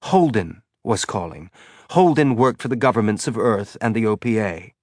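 A man reading a novel aloud in measured, tense scripted narration. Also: on the low side, animated, a little mellow, dry recording, studio quality. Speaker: audiobook narrator.

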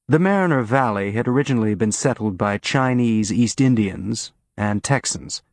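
Steady male audiobook narrator. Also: mid-range voice, moderate pace, hardly any pauses, no room sound. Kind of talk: scripted narration.

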